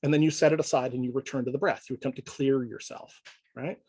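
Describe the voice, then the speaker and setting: Male lecturer, husky, dry close sound; easygoing classroom talk, keeps asking "right?". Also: mid-range voice, steady tone, fast talker, a little mellow, no room sound, low-quality recording. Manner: conversational, checks in with frequent "right?". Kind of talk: informal lecture.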